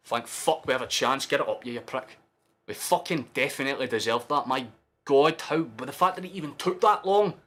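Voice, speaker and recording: A young man commentating a football match live for his stream as a fan, sweary and excitable, erupting into shouts. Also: medium pitch, a little fast, a little hiss or hum.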